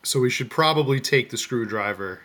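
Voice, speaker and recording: A man's voice: medium pitch, normal speed, a bit bright. A man co-hosting a podcast over a video call, chatting in an easygoing, talkative way. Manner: easygoing, chatty, laughs easily. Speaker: podcast co-host. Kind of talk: casual chat.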